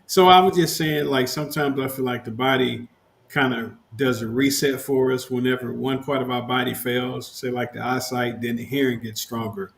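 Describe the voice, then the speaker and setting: A man with a gravelly, mid-pitched voice muses loosely in a podcast conversation. His voice echoes in a roomy space, and there is a faint hum of background noise. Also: fairly even intonation, moderate pace. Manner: reflective, loose, uses fillers like "like". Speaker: podcast co-host.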